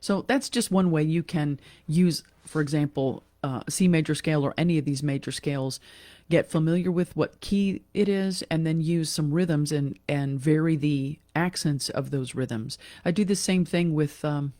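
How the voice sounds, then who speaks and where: A woman giving a casual online piano lesson, talking in a relaxed, chatty way with fillers and self-corrections. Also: low-pitched, moderate pace, dry recording, clean studio sound. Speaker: piano teacher. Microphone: computer mic during a screen share.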